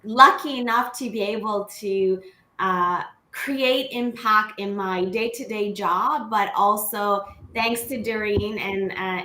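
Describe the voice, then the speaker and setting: A hoarse woman with a cold, giving a brief, polite introduction of herself. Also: medium pitch, pushed and bright. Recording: echoey room.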